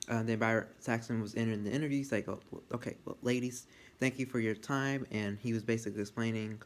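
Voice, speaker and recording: A man giving a casual, rambling wrestling review, getting excited and swearing freely, often restarting his sentences. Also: on the low side.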